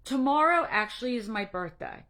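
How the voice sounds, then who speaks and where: Middle-aged woman, anxiety coach, earnest and a bit preachy on a live talk, tearful, voice sits a touch high. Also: lively intonation, normal speed, a bit bright. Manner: earnest, direct, a little preachy. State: tearful, emotional. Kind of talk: casual livestream talk to a group.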